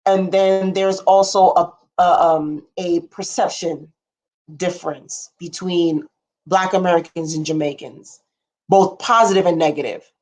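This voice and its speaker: A woman's voice: on the low side, steady tone, measured pace, darkish tone. A young woman hosting a casual livestream, rambling frankly with blunt asides and casual swearing, and answering viewer comments as she talks. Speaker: livestream host.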